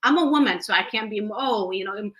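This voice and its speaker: A woman's voice: mid-range voice, very fast, a bit bright. A woman hosting a passionate conversation, speaking emphatically and switching between languages. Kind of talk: casual chat.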